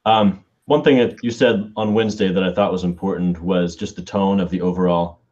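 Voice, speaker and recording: A man with a deep baritone voice speaking calmly and measuredly in a casual online meeting. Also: a little fast, highs cut off. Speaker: group member.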